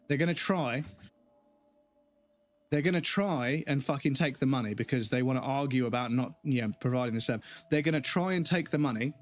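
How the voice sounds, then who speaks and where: A man's voice: mid-range voice, brisk. Angry man ranting while gaming. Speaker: gaming streamer. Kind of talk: casual live-stream rant.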